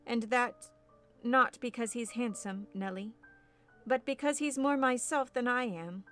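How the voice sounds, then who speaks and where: Brief: fervent headstrong young woman, read by a woman narrator, higher-pitched, declaiming over faint music. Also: measured pace, a bit bright. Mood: wistful. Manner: impassioned, declamatory. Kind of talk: audiobook character reading.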